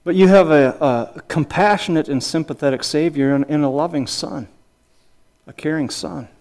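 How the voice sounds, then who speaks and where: A middle-aged pastor speaks at a moderate pace in a slightly high voice with a darkish tone. His earnest sermon leans on rhetorical questions and scripture quotes, and he often restarts, sometimes chuckling in small asides.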